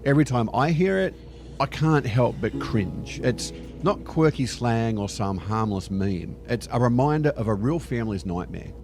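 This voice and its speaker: A man with an Australian accent reads a scripted narration in a wry, joking manner. His voice sits at an ordinary middle pitch, and music plays clearly underneath him. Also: animated, normal speed, darkish tone. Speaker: narrator of a video being reacted to.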